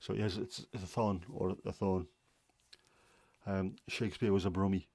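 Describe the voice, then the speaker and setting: Chatty man, low dry voice. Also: steady tone, normal speed, darkish tone, dry recording. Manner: chatty, opinionated, rambling with fillers. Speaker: livestream host. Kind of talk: casual livestream chat.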